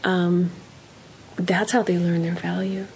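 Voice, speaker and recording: A woman's voice: on the low side, level tone, slow pace, gravelly, slight background noise, low-quality recording. A woman giving parenting advice in an earnest, emphatic way, acting out example conversations. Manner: warm, earnest, emphatic, acts out example dialogues. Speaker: parenting counselor guest.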